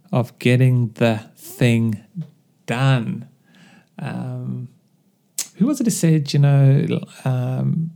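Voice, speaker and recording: A man's voice: mid-range voice, gravelly, warm tone. A man hosting a solo podcast, talking casually in a rambling, self-deprecating way with lots of fillers. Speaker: podcast host.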